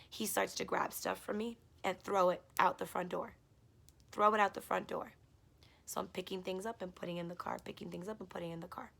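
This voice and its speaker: A woman with a lowish, gravelly voice tells her story straight to camera in a heated, blunt way, swearing freely. Her delivery drops to low mutters, then climbs into loud, exasperated bursts. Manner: heated, blunt and profane, retelling an abusive relationship. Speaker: vlogger. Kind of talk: personal storytime vlog.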